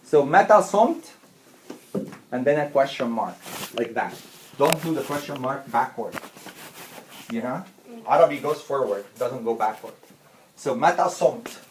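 A teacher giving a classroom lesson to students, patiently repeating words slowly and often. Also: mid-range voice, expressive. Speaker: Arabic teacher. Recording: roomy classroom with faint noise.

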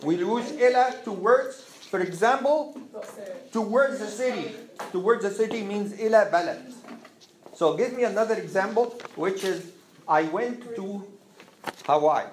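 A man's voice: high voice, a little slow. A man teaching an Arabic class to students, patiently repeating words and phrases for them to drill. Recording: roomy classroom with faint noise.

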